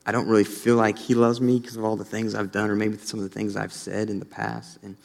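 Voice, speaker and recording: An earnest young man delivers a sermon as pastor, his mid-pitched voice carrying through a hall with a long reverb. He grows animated when he tells stories.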